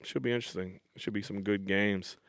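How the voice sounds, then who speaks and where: A man co-hosting a casual podcast, tossing out quick offhand banter. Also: on the low side, fairly even intonation, gravelly, a bit bright, no echo, clean studio sound. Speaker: podcast co-host. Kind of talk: casual chat.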